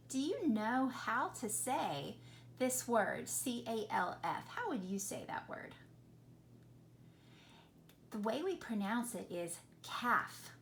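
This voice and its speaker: A woman teaching a phonics lesson to children, patient and questioning, sounding out each word slowly. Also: mid-range voice, a bit bright, a little hiss or hum.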